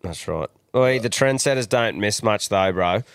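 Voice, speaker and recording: Casting: young Australian man, podcast host, crude jokey banter, smooth voice. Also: lowish voice, moderate pace, no echo, clean studio sound. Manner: crude, jokey, animated storyteller. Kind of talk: casual banter.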